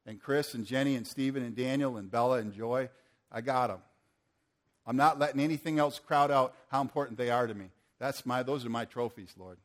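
A man's voice: medium pitch, fairly quick. An older man preaching a sermon to a church audience, earnest and asking the room questions.

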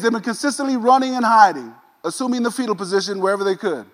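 Lively high-voiced preacher in a reverberant hall. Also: male voice, fast, few pauses. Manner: animated, retells scripture in casual modern paraphrase. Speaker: pastor. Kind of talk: sermon.

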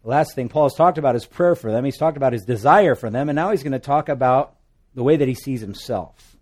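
A man from Hawaii with a Hawaiian accent, preaching a sermon with jokes and swings between loud and soft. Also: fast talker, breathy edge. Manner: animated, joking asides, pitch and volume swing widely. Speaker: pastor.

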